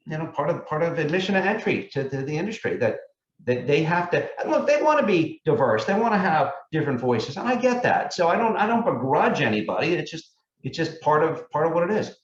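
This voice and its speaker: A man speaking as a meteorologist guest in a casual interview, measured and reflective as he explains things. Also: fairly high pitch, very animated, echoey room, highs cut off.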